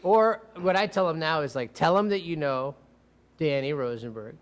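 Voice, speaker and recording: A man telling courtroom stories in a casual chat as a defense attorney and podcast host, animated and profane, acting out quotes. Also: on the high side, normal speed, clear, resonant tone.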